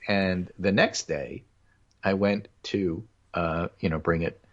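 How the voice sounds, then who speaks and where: A man's voice: sits low, steady tone, slow pace, lo-fi sound. A man hosting a podcast, casually telling a story and acting out what people said. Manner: storytelling, acts out other people's lines. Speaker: podcast host. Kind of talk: casual chat, telling an anecdote.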